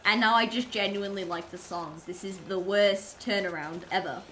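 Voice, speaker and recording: A woman's voice: mid-range voice, normal speed, fairly bright tone, low-quality recording. A woman livestreamer rambling in casual chat with her viewers while gaming, giggling and poking fun at herself. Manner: rambling, giggly, self-mocking.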